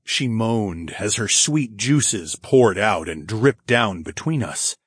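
A man narrating a romance audiobook in the first person, with a low, intimate delivery and soft sighs. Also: animated, slow, slightly rough, dry recording, studio quality.

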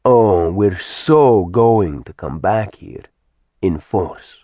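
A haughty, disdainful demon, as a male reader acts him out, drawling slowly and coldly in a low voice. Every word drips contempt. The sound is dry and close-miked. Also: lively intonation, warm tone, no echo, heavily acted.

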